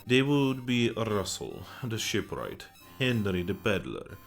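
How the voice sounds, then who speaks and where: A leering innkeeper with a thick mock Russian accent, voiced by a man. He speaks in stiff, old-fashioned phrases from a low register. Faint game music plays behind him. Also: big pitch swings, slow pace, gravelly, heavily acted. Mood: gruff. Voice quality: archaic formal speech.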